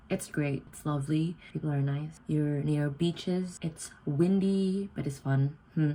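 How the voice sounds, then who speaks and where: Her voice is dark-toned and the audio is poor. A young adult Indonesian exchange student vlogs casually to camera from her student room at night, chatty and self-mocking, slipping into a higher voice when she acts out quotes.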